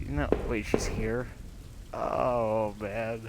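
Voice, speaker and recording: Loud rain and thunder from a horror game fill the background as a young gameplay commentator reads the game's text aloud. He reacts with nervous laughs and whispers in this casual let's-play. His voice is fairly low and a little slow.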